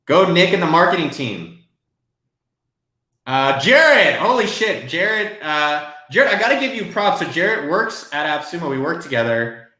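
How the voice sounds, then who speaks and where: A man hosting a live Q&A stream from his desk, talking casually and excitably, with some swearing. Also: a little high, a little slow, roomy sound. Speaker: host.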